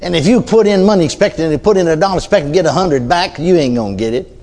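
A man's voice: on the high side, fast talker, darkish tone. An older man preaching a sermon in a folksy storytelling way, often adding amens and hallelujahs.

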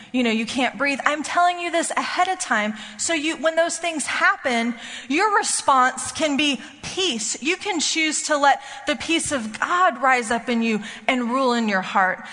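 A woman's voice: fairly high pitch, bright, forceful tone, long reverb tail. A woman preaching a sermon in a conversational, emphatic way, often checking in with the listeners. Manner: conversational, emphatic, frequent "okay?" check-ins.

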